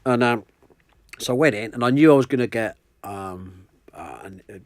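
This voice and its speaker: A man's voice: mid-range voice, normal speed, no echo, studio quality. Sweary man telling stories. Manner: sweary, anecdotal, teasing. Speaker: podcast host. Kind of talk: casual chat.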